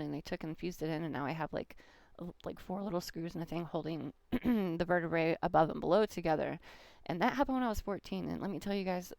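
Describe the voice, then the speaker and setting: Tarot reader, woman, middle-aged, smooth but gravelly delivery, dry close sound, animated storyteller. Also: fairly low pitch, dry recording. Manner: animated storyteller, acts out quoted voices. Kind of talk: personal storytelling to viewers.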